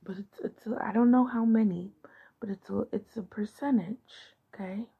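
A woman hosting a podcast in a casual chat. She talks softly and rambles, often dropping into a half-whisper. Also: medium pitch, normal speed, creaky, husky, phone-quality sound. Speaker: podcast host.

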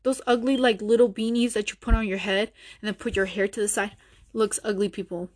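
A woman's voice: medium pitch, steady tone, brisk, darkish tone. A young woman hosting her own show, delivering a blunt, profane, mocking rant in casual talk. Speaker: podcast host. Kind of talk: ranting casual monologue.

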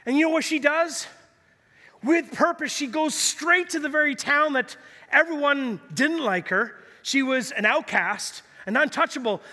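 Male pastor, very high and bright voice, energetic and jokey, long hall reverb. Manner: energetic, jokey storytelling preacher. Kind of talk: sermon.

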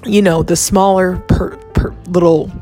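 A woman makeup vlogger talking casually, excitable and gushing, drifting into motivational pep talk. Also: fairly low pitch, unhurried, faint music behind. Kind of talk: casual rambling vlog.

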